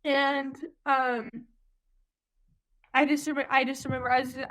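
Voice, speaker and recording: A woman's voice: high-pitched, fairly even intonation, moderate pace, fairly bright tone. A young woman in her twenties, a guest on an interview show, telling her own birth story with many ums and likes, tearful at moments. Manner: lots of "like" and "um", quotes others. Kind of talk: emotional personal storytelling.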